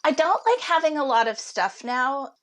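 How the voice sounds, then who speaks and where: Woman, interview guest, fairly high voice, chatty and reflective. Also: sing-song, normal speed. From United States. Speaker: podcast guest, author. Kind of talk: interview storytelling.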